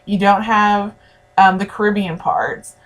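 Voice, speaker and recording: A woman's voice: medium pitch, steady tone, measured pace. A woman teaching a history lesson in a conversational way, speaking directly to her students. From United States. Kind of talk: recorded classroom lecture.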